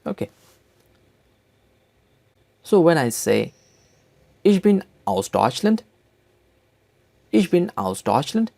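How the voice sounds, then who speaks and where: A male teacher walks learners through vocabulary at an unhurried pace, repeating each word several times. His voice has a gravelly fry to it. His pitch rises and falls a lot. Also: a little mellow. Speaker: language teacher. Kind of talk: slow spoken language lesson.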